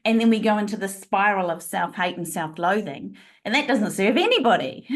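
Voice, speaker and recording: A woman guest on a podcast interview, telling stories expressively with frequent laughter, speaking over a remote call. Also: on the high side. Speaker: guest, leadership trainer.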